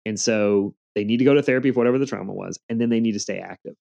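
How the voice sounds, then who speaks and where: A man's voice: lowish voice, rapid-fire, vocal fry, dark tone, highs cut off. A man in his forties telling earnest stories in a casual interview, with a motivational tone. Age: 40s. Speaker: podcast guest.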